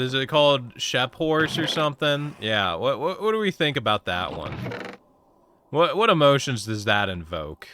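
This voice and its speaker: A man's voice: fairly low pitch, big pitch swings, measured pace, bright, forceful tone, clear, resonant tone, no echo. A man streaming a game live, chatting casually with his viewers, voice a little sore. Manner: rambling, chatty, talks to chat. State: slightly sore voice. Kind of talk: casual live-stream chat while gaming.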